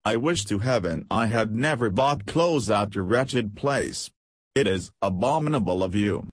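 A man reading the part of an agitated, proud young woman in debt, in an audiobook, with a husky, dry voice. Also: lowish voice, animated, measured pace, no room sound. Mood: indignant. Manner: indignant, haughty when pressed.

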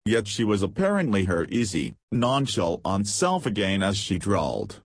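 Male audiobook narrator, low and husky, steady delivery. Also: moderate pace, hardly any pauses, no room sound. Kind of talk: scripted narration.

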